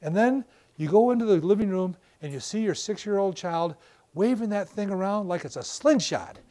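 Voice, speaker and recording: An older man giving a professional lecture on a wireless mic, explaining with animated stories and acted-out examples. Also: sits high, normal speed. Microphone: battery-powered wireless mic.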